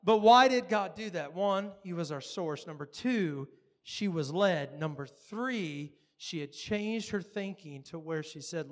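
Speaking a little slowly in a high voice, a man tells stories from the pulpit. He's animated, performing the dialogue himself and breaking into frequent laughter.

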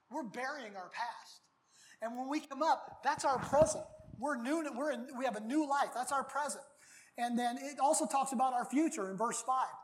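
A middle-aged male pastor preaching a baptism sermon in a folksy, animated way, sometimes breaking into shouts. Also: extremely high pitch.

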